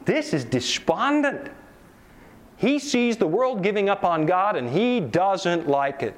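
A male preacher delivering a lively sermon, often asking his audience rhetorical questions. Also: high voice, measured pace. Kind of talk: sermon lecture to a live audience.

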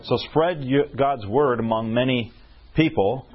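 A man preaching a storytelling sermon, animated and often checking in with his listeners with questions. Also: mid-range voice, measured pace, highs cut off.

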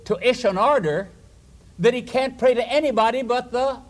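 A man's voice: very high-pitched, normal speed. A man preaching by telling a Bible story to children, directing them as they act it out. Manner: animated, theatrical, directing children acting out the story.

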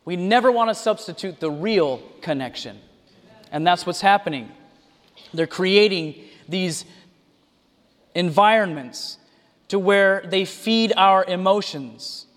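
A man preaching a sermon, animated, with mocking asides and mimicry. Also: high-pitched, takes it slowly, pauses often. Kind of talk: sermon with impressions and sung examples. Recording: long hall reverb.

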